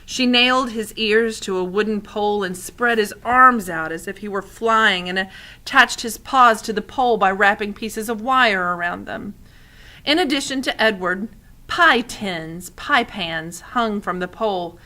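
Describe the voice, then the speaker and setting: A woman's voice: medium pitch, measured pace, bright, forceful tone. A woman reading a children's novel aloud expressively, adding asides to the listener. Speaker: audiobook reader.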